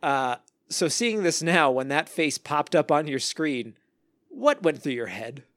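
A man hosts a loose podcast conversation, his voice sitting a bit high and lively as he laughs and pokes fun at what he reads. The recording is dry and close, with little room sound. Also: measured pace, no room sound. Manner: animated, laughing, reads lyrics mockingly. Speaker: podcast host. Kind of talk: casual chat.

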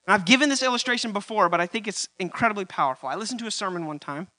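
A man preaching in church, his voice high and bright, repeating key lines and climbing to loud, emphatic peaks. A faint mains hum sits under the recording. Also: very fast. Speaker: pastor. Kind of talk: sermon.

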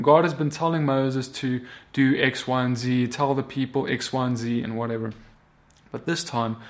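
A man teaching a Torah portion in a sermon, talking animatedly and often acting out the biblical figures' words in character. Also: a little high. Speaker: Bible teacher.

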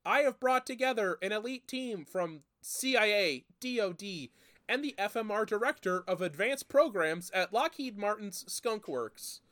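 A man doing a whiny, overhyped rock-star pitchman. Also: expressive, moderate pace, a bit bright. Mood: mocking, grandiose. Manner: exaggerated, nasal, sing-song mockery. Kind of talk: mocking impression in casual chat.

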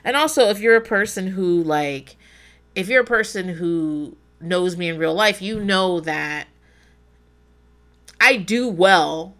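A woman co-hosting a podcast in casual chat, animated, swearing and laughing often as she acts out her inner voice. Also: on the low side, slow. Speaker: podcast co-host.

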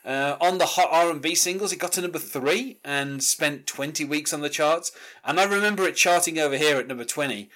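A man's voice: fairly high pitch, brisk, bright, forceful tone. A man, chatting casually about a song and reading its lyrics aloud, with plenty of fillers. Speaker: music podcast host. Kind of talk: casual chat, track-by-track album discussion.

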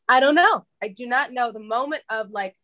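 Halting, heartfelt woman from New York. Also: fairly high pitch, sharp tone. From New York, USA. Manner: halting, many restarts and repeated words. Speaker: interview guest. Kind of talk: candid emotional interview talk.

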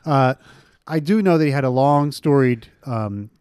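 A man's voice: mid-range voice, moderate pace, darkish tone, clean tone, no room sound, clean studio sound. A man co-hosting a podcast in easygoing casual chat, laughing readily. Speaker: podcast co-host.

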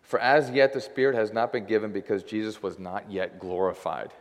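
Casual preacher in a reverberant hall. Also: male voice, on the low side, steady tone, a little fast. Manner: casual, conversational preaching with many "like" fillers. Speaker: guest preacher. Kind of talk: sermon. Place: church sanctuary.

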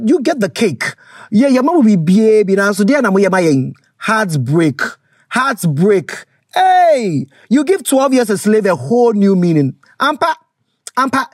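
A woman from Ghana with a Ghanaian accent hosting a casual solo podcast, animated and exclamatory, mixing English with Twi. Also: medium pitch, no room sound, clean studio sound. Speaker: podcast host.

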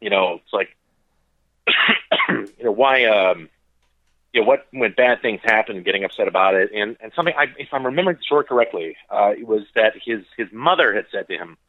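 A man's voice: on the low side, animated, a little fast, no room sound. A young man calling in as a podcast guest, chatting casually and rambling with lots of fillers and jokes. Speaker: podcast guest on a phone call. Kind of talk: casual chat. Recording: dry tinny phone line.

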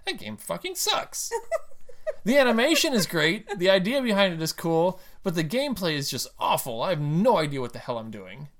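A man's voice: a little high, sing-song, a little fast, hardly any pauses. Rambling casual podcast man. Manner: rambling, trails off and restarts, dry jokes. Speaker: podcast co-host. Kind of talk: casual chat about TV and games.

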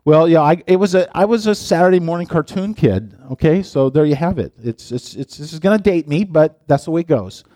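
A man's voice: on the high side, brisk, hardly any pauses, warm tone, no room sound, clean studio sound. A middle-aged man, a pastor, giving a playful, chatty sermon and talking directly to his listeners. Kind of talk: casual sermon.

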